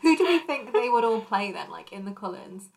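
A woman co-hosting a podcast in a relaxed, chatty way. Her pitch swings up and down a lot as she talks, and she laughs easily. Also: a little fast, gravelly. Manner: expressive, laughs often. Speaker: podcast co-host. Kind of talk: casual chat.

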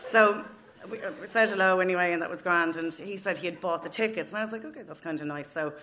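A woman's voice: fairly low pitch, quick pace, pushed and bright. Frank Irish woman telling a story. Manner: frank, swearing, laughing through her story. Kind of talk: live comic storytelling. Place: open mic night with an audience. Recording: noisy live venue recording.

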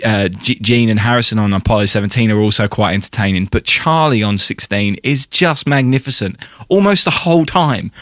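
A man's voice: mid-range voice, fairly bright tone, dry recording, clean studio sound. A man co-hosting a podcast, explaining things in an enthusiastic, casual way with frequent restarts. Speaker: podcast co-host. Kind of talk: casual conversational podcast chat.

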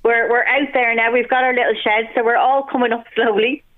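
A woman speaking as a guest on a radio show by phone, brisk and chatty. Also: a little high, steady tone. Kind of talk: phone-in interview. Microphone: telephone. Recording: tinny phone line.

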